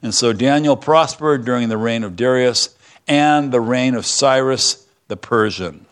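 A man's voice: mid-range voice, a little slow. A man preaching a sermon in a conversational, storytelling way, with joking asides. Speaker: pastor.

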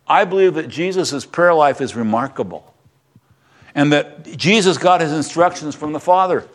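A male pastor preaching a sermon, telling Bible stories with lively acted-out lines and closing in earnest prayer. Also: fairly high pitch, normal speed. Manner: animated storytelling, acting out voices, then quiet earnest prayer.

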